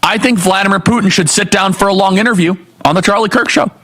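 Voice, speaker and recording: An American man in his thirties runs a political talk show with emphatic, rapid-fire delivery. His voice sits a touch higher than most men's. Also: fairly bright tone. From United States. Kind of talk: political commentary monologue.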